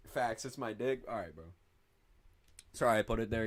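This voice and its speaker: A young man from northern Indiana chatting casually on a livestream, reading viewer comments and rambling excitably, swearing a lot and saying "bro" constantly. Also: fairly low pitch, moderate pace. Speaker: streamer.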